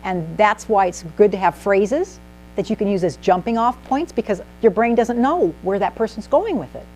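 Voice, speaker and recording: A woman giving an animated, emphatic presentation to a small group in a meeting room, asking the audience questions as she teaches. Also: medium pitch, normal speed, soft background music, rough recording. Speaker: speaker at a speaking club. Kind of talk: instructive presentation.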